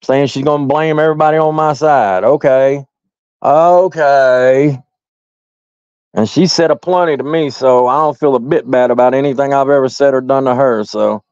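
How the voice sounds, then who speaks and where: A man's voice: medium pitch, a little fast, few pauses, darkish tone, clear, resonant tone, no echo. Heated cursing man on a lo-fi stream. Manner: rambling, swears constantly, addresses viewers directly. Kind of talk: heated profane rant. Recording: dull lo-fi audio.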